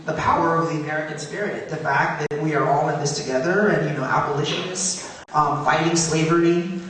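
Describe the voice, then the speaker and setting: Man, guest speaker, higher-pitched voice, booming hall, heard from far off. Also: a little fast, a little hiss or hum. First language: Tagalog. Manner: earnest and animated, voice rising on questions. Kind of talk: onstage conversation. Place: high school auditorium.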